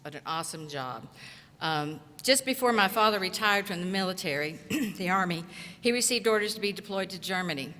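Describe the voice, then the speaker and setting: Forceful, earnest woman in a big hall. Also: medium pitch, animated. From southeast Tennessee. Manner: earnest, encouraging, speaks in short, measured phrases. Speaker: commencement speaker and college instructor. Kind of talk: graduation speech. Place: large auditorium. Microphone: podium microphone. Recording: echoey hall reverb.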